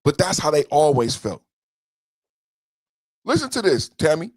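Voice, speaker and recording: A man's voice: fairly high pitch, very animated, a little slow, a little mellow, dry recording. Ranting male podcast host, dry sound. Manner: ranting, repeats lines for emphasis; profane and slangy. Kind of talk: heated political commentary.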